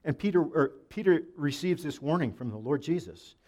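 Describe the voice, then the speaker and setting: A man preaching a Bible sermon, restarting phrases often and dropping softer when he quotes scripture. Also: fairly high pitch, expressive, normal speed. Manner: preaching with frequent repeats and restarts, dropping soft for quoted lines. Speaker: pastor.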